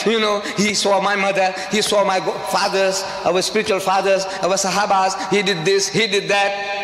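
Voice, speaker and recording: A man's voice: high-pitched, a bit bright. Emphatic man lecturing in a reverberant hall. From South Africa. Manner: emphatic, rhetorical questions, repetition. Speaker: public lecturer. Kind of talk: public lecture to an audience. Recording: reverberant hall with faint ambient noise.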